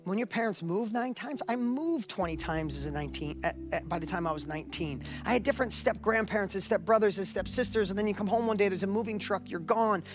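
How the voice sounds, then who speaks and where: High-voiced man giving a motivational talk. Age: middle-aged. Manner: storytelling, emotional, builds to urgent exhortation. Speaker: event speaker.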